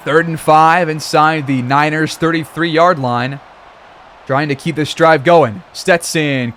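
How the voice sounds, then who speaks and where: A man giving play-by-play commentary over a football video game, reacting loudly to big plays. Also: fairly high pitch, steady tone, slow, slight background noise. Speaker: gaming commentator.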